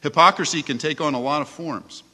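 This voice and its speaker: A man's voice: fairly high pitch, fairly quick, bright, forceful tone. A man preaching a sermon, earnest and emphatic, reading scripture aloud. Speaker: pastor. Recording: long hall reverb.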